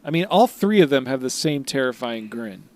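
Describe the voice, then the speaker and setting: A man with a voice of middling pitch banters on a podcast. He jokes around playfully and keeps the talk loose and casual. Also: big pitch swings, moderate pace, a little mellow, dry recording. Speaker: podcast co-host. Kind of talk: casual chat.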